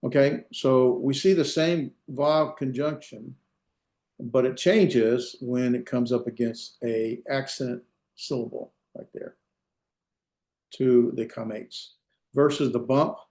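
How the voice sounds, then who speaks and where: Speaking with fairly even intonation and a slightly mellow voice, a middle-aged man lectures on Hebrew grammar at a normal pitch. His hesitant, self-deprecating delivery is full of self-corrections and filled pauses, and the room audibly echoes.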